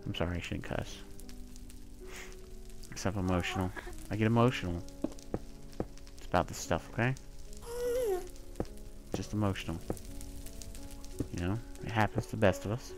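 A gameplay commentator gives loose let's-play commentary into his own mic, chatty, quick to curse, and talking straight to the creatures on screen. His voice is deep and steady, with faint game music behind him.

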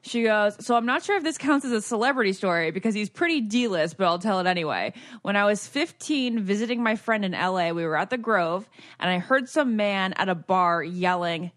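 A woman co-hosting a podcast, chatting casually and reading listener emails aloud in an animated way. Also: medium pitch, moderate pace, dry recording, studio quality. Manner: lively, reads stories aloud with animation. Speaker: podcast co-host.

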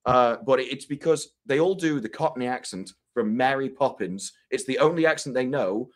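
British guy on a stream mic, average pitch, kinda worn from shouting, playful and chatty. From Britain. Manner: chatty, playful, with quick restarts. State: voice going hoarse from shouting. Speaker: guest co-host. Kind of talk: casual chat.

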